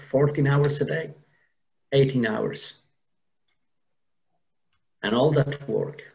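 A man's voice: mid-range voice, creaky, darkish tone, rough recording. Earnest man telling an emotional story. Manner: earnest, emotional, with frequent restarts and repeated words. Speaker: podcast guest. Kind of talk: personal storytelling in an interview.

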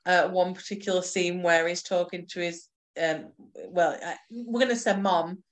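A woman co-hosting a casual film podcast, chatting in an animated way with frequent restarts. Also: fairly low pitch, moderate pace. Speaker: podcast co-host. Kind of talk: casual chat.

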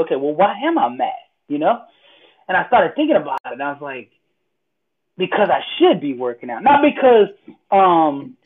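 Husky animated man on a tinny line. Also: on the high side. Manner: animated storyteller, repeats words, acts out quotes loudly. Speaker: motivational speaker. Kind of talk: casual storytelling conversation.

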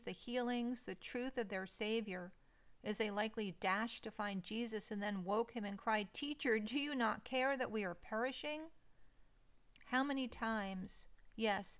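A woman delivering a slow, soothing, scripted devotional message. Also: mid-range voice, clean tone. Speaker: devotional speaker.

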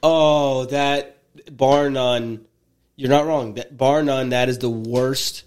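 A man's voice: medium pitch, fairly even intonation, takes it slowly, a little mellow, clear, resonant tone. Reactive man with mid-range voice. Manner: reactive, exclaims and swears in disbelief. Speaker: podcast co-host. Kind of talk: casual podcast chat.

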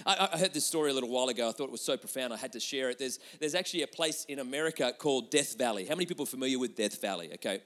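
A middle-aged man preaching a sermon as a pastor. He tells a story in a chatty, animated way, with many restarts, and puts questions to the audience. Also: mid-range voice, very fast, few pauses, long reverb tail.

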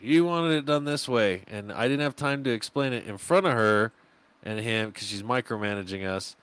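A man telling stories on a podcast, animated and swearing freely, acting out the people he quotes. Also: medium pitch, normal speed, clean tone, no echo. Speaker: podcast guest. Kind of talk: casual podcast chat. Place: podcast studio.

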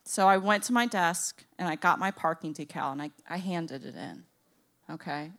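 A young woman from Florida telling a comic story, acting out the people in it and swinging from loud to hushed. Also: fairly low pitch, moderate pace. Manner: animated, acts out voices, swings from loud to hushed.

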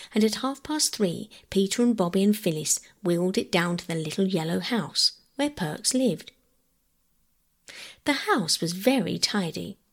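Husky, low-voiced woman reading a bedtime story. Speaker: audiobook reader. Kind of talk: calm bedtime story narration.

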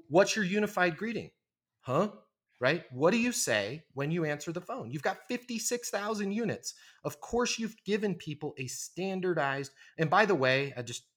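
A man's voice: a little high, animated, moderate pace, fairly bright tone. A man in his forties, a sales trainer speaking as a podcast guest, talking emphatically and persuasively and often tagging "right?". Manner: emphatic, persuasive, frequent "right?" tag questions. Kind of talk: conversational podcast interview.

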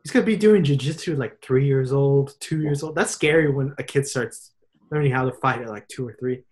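A young man chatting casually and excitedly, with lots of slang and playful impressions. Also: medium pitch, brisk. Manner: animated, slangy, puts on voices for fun. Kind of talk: casual chat.

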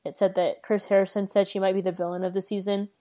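A young woman co-hosts a casual chat, quick to question her partner and set him straight. She talks plainly, with a teasing edge. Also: mid-range voice, flat delivery, warm tone. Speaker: co-host. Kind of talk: casual chat about reality TV.

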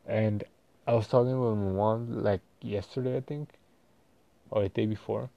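A man talking casually in a personal vlog, rambling and halting with many fillers and restarts. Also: lowish voice, fairly even intonation, gravelly, no echo, lo-fi sound. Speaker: vlogger.

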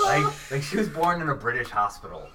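A man's voice: fairly high pitch, huge pitch swings, fairly quick, sharp tone, slight background noise. A man co-hosting a casual podcast, telling rambling, wry stories. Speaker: podcast co-host. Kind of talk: casual storytelling banter. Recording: distant mic with faint ambience.

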